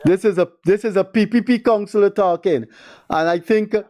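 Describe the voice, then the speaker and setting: High-voiced Guyanese radio host. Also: male voice, moderate pace, darkish tone. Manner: exasperated, rambling commentary. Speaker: call-in show host. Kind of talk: call-in radio talk.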